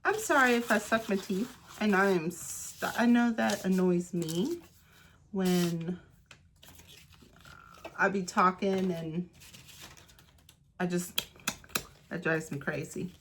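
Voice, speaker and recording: A woman's voice: on the low side, fairly bright tone, a little hiss or hum. A woman chatting casually through a craft project, thinking aloud and talking to herself as she works. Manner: slow, unhurried delivery with frequent pauses. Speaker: craft and journaling creator. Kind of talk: casual craft tutorial chat.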